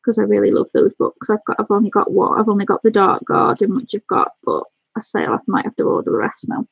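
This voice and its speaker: A woman chatting excitedly on a live stream, gushing and thanking her viewers by name. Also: mid-range voice, fast talker, vocal fry, slightly rough, dry recording, highs cut off. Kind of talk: casual live-stream chat.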